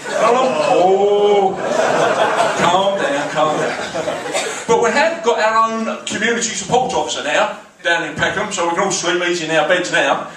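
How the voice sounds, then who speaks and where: A South London man in his forties doing crude, self-deprecating stand-up comedy with a deadpan touch. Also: high-pitched, fairly quick, few pauses, very noisy. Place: comedy club. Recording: echoey club from a distance.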